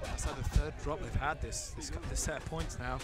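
Excitable male play-by-play commentator. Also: on the high side. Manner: excitable, chatty play-by-play with quick rises. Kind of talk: live sports commentary. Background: loud music.

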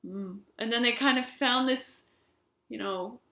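Woman vlogger, reflective storytelling, bright voice, mid pitch, "you know" fillers, echoey room. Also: unhurried.

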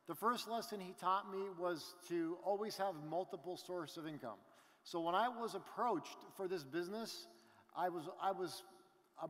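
High-voiced man speaking in a big hall. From Canada. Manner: animated storytelling with crowd asides. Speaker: business event speaker. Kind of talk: motivational stage talk. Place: large event hall. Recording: reverberant hall.

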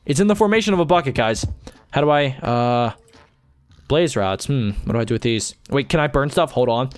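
A man's voice: mid-range voice, expressive, a little fast, clean tone, dry recording. A man giving chatty let's-play commentary, talking to himself and his viewers as he plays. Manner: chatty, talks to himself and viewers while playing. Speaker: gaming YouTuber.

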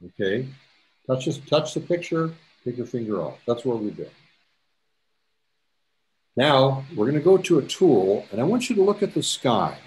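A man giving a step-by-step photography tutorial, his pitch leaping up and dropping down as he explains. He's chatty and patient, restarting phrases and slipping in jokey asides. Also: big pitch swings, normal speed, pauses often, darkish tone, a little hiss or hum. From Canada. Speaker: photography instructor. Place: presentation to a camera club.

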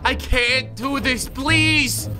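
A man doing casual game pack-opening commentary, excitable and swearing, groaning and shouting at his cards. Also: extremely high pitch, drawn-out words, over music. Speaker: YouTuber.

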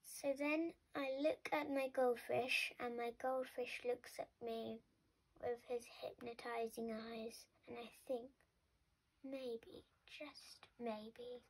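A woman reading a children's picture book aloud, expressive and sometimes dropping to a whisper. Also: fairly high pitch, takes it slowly, slightly rough, poor audio. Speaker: storybook reader. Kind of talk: children's story read-aloud.

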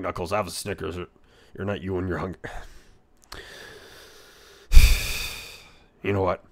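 A man voicing a brash, hot-headed male echidna in a live-stream role-play, rambling, stammering and crude, quick to yell. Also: sits low, slightly rough, exaggerated voice.

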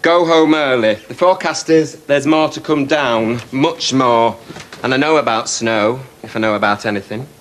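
An actor playing a camp, chirpy ex-navy orderly serving tea, theatrical and gossipy, in a sitcom. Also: male voice, medium pitch, moderate pace, slight background noise, natural voice. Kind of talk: 1990s TV sitcom acting.

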